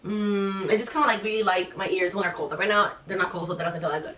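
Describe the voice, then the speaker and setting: A woman's voice: medium pitch, steady tone, fast talker, fairly bright tone, distant mic, a little hiss or hum. A young woman vlogging in a chatty, rambling way, full of fillers and restarts. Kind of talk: casual personal vlog. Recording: echoey room, voice off-mic.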